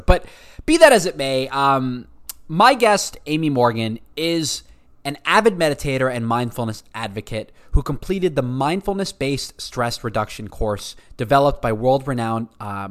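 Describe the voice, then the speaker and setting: A man hosting his own podcast, talking in an energetic, restless way and often repeating words as he goes. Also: mid-range voice. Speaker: podcast host. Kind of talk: podcast intro monologue.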